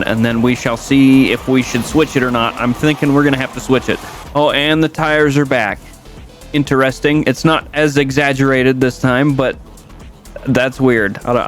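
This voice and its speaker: A young gaming YouTuber rambles casually over a car video game, often correcting himself, and his pitch jumps up whenever something catches him off guard.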